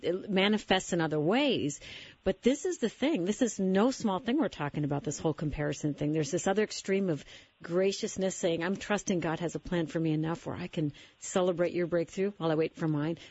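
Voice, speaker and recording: A woman with a low, husky voice hosts a faith-based radio conversation. She talks earnestly and thoughtfully, drawing her guest out. The sound is a little dull and lo-fi. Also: darkish tone. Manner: earnest, reflective, affirming. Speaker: radio talk show host. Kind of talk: conversational Christian radio interview.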